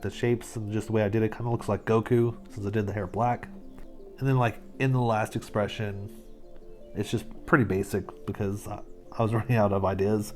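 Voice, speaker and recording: A man's voice: lowish voice, a little mellow. A man hosting his own art channel, chatting casually and upbeat about his drawings, often breaking into laughter. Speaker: artist and channel host. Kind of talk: casual art vlog narration.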